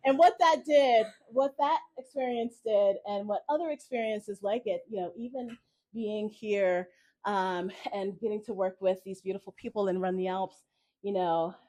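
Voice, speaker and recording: A woman telling a personal story live to an audience at a cafe event, expressive and often laughing as she speaks. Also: medium pitch.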